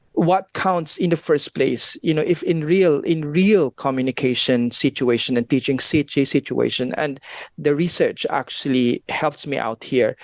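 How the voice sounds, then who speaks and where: A man's voice: on the high side, no room sound. A man being interviewed as a guest researcher, explaining at length in a casual, discursive way with frequent asides.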